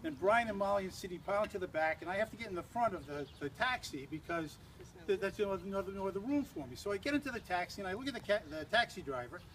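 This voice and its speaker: A man's voice: high voice, lively intonation, rapid-fire, fairly bright tone, slight background noise. An older man giving a humorous toast at an engagement party, a rambling, teasing storyteller who restarts often.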